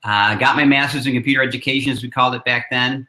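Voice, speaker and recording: A man in his fifties, a learning consultant guest, talking casually with chuckles and halting restarts. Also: mid-range voice, fairly even intonation, pushed and bright. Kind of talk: casual interview talk.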